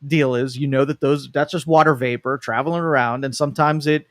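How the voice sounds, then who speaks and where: Man, co-host, talk show, reflective explaining, dry studio sound, mid-pitched voice. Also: fairly even intonation, a little fast, fairly bright tone, no room sound. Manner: reflective, explains at length with restarts. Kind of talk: casual talk show discussion.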